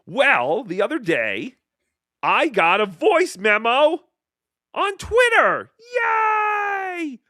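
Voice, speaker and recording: A male host chats casually through viewer messages, joking and dipping into quick impressions. His voice is fairly high and bright, with lively swings in pitch. It sounds dry and close to the mic. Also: no echo. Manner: riffing, jokey, slips into silly impressions. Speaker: show host. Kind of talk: casual livestream chat, reading viewer messages.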